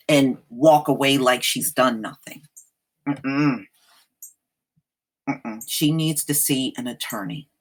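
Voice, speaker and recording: Slow, sassy woman commentator. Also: a bass voice, breathy edge. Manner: sassy, blunt, slangy. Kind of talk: casual reaction commentary.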